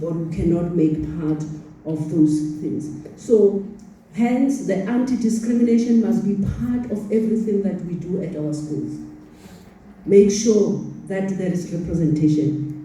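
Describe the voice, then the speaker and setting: A woman's voice: mid-range voice, warm tone, a little hiss or hum. A South African woman with a Sepedi accent gives an earnest formal address to students, often stumbling over repeated words. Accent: Sepedi-accented South African English. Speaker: conference speaker. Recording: echoey hall, voice from far off the mic.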